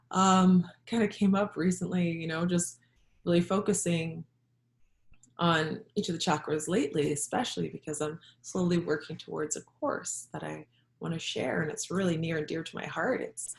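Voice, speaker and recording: A middle-aged woman, a health practitioner and yoga teacher, sharing a personal story in a reflective, halting way with soft laughs. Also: on the low side, creaky. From Jamaica. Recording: echoey room.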